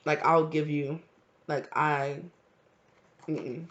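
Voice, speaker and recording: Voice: mid-range voice, steady tone, drawn-out words, fairly bright tone, lo-fi sound, slight background noise. A tarot reader giving a casual, channeled reading who rambles with many fillers and acts out imagined quotes.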